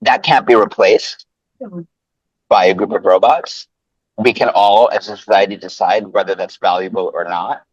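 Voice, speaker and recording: A man with a New York accent speaking on a panel discussion in an animated way, often breaking off and restarting. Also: husky, no room sound, muffled recording. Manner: animated, self-interrupting, lively pitch swings. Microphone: webinar call.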